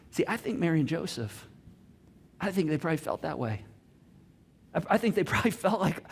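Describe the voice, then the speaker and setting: A man's voice: a little high, sing-song, brisk, creaky, long pauses, a little hiss or hum. A middle-aged man preaching a sermon, telling stories with many restarts and quoted conversations. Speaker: pastor.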